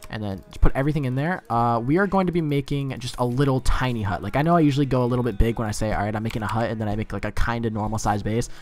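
A man's voice: mid-range voice, rapid-fire, few pauses, soft background music. A man giving casual gameplay commentary, rambling and swearing freely as he gets flustered.

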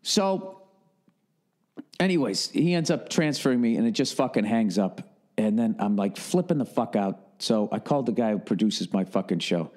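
A middle-aged man hosting a podcast, telling a comedic story in an animated, profane rant. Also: lowish voice, normal speed. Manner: animated and profane, working himself up. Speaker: podcast host.

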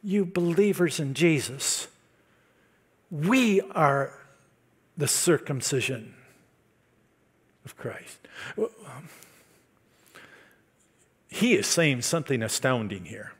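A male pastor preaching a sermon, building to loud, emphatic declarations. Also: on the high side, animated, takes it slowly, pauses often, breathy edge. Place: church service.

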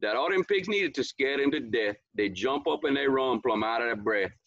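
A man's voice: medium pitch, lively intonation, normal speed, vocal fry, a bit bright, no room sound. A man reading a picture book aloud for a school story hour, in a folksy dialect with chatty asides. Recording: dull lo-fi, dry.

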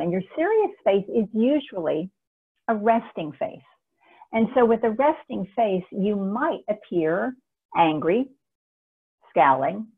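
A woman speaker giving an energetic, emphatic webinar talk on communication, recorded on a laptop mic. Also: lowish voice, breathy edge. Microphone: laptop camera mic. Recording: tinny phone-like webinar audio.

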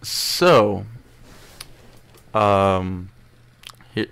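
A teenage boy telling a story to camera in a rambling, emotional way, recorded on an earbud mic at low quality. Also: animated, drawn-out words, vocal fry, fairly bright tone, clear, resonant tone. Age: teens. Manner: rambling, restarts often, emotional. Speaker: vlogger. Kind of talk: casual storytelling vlog.

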